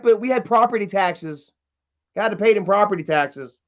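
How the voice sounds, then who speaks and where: Man, high voice, livestream rant, heated, profane, reads chat aloud, dull lo-fi audio. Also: animated, moderate pace, fairly bright tone. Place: at home.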